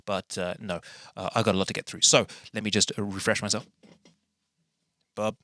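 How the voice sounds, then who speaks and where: A man's voice: on the low side, fairly even intonation, normal speed, a bit bright, no echo. A man hosting his own podcast from a small bedroom studio, rambling and self-mocking in a casual chat to the camera. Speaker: podcast host. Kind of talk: casual solo podcast intro.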